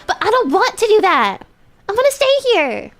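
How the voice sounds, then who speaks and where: A woman's voice: extremely high pitch, moderate pace, heavily acted. A woman voicing a panicky, whiny young vampire woman who is behind on her rent, reading a game's dialogue on stream. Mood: frantic. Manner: frantic, whiny, excitable.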